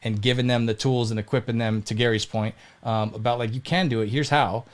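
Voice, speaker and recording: A man's voice: mid-range voice, steady tone, a little fast. A man chatting casually as a podcast host, rambling as he thinks aloud.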